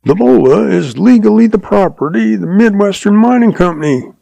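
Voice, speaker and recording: A man voicing a shrewd old cowboy who talks in a slow, patient, folksy drawl. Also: high voice, animated, creaky, dark tone, no echo, pitched above the performer's own voice, full character voice. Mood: patient, sly. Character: shrewd old cowboy, calm, sly, chuckling.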